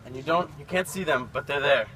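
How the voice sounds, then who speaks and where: A man's voice: mid-range voice, brisk, bright, forceful tone, rough recording. A man explaining a custom in a plain, casual way to a group. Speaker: presenter at a team event.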